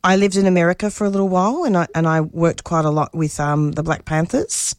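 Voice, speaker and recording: A woman's voice: lowish voice, steady tone, brisk, no room sound, studio quality. A middle-aged woman from Australia, a community radio producer being interviewed, talking passionately with many restarts. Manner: passionate, restarts often, voice rises when stirred. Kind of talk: personal interview talk.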